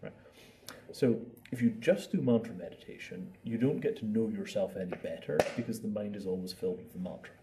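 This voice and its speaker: This male meditation teacher speaks briskly in a mellow, fairly low voice, barely pausing as he talks informally about meditation. He acts out what the mind says and leans on repetition to make his points, picked up by a far-off microphone with a faint hum of ambient sound.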